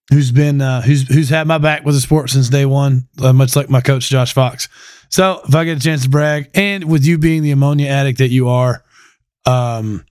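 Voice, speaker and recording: Male podcast host, relaxed and offhand, dry room. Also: mid-range voice, no echo. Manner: easygoing, plugs sponsors offhand. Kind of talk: casual interview chat.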